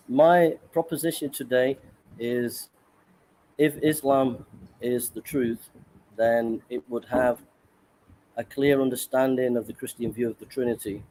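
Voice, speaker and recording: A male caller presents his case slowly and deliberately, like someone reading out a prepared statement. His voice is mellow and mid-pitched. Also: low-quality recording. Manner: measured, deliberate. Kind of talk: debate presentation.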